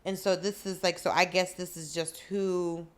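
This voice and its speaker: A woman's voice: lowish voice, flat delivery, normal speed. A woman co-hosting a podcast, chatting casually about a drama and quoting the characters. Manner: chatty, adds details and quotes characters. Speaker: podcast co-host. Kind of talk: casual chat recapping a drama.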